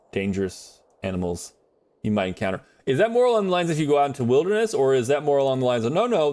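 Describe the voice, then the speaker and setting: A man chatting casually on a live gaming stream, rambling and animated as he reads and answers chat from his viewers. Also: medium pitch. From United States.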